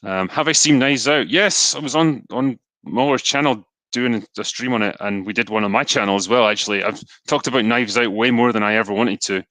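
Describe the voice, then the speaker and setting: This Scottish man hosts a live stream, casually reading and responding to viewer donations in a relaxed, chatty way full of ums and asides. His voice is medium-pitched and brisk, captured in a dry recording.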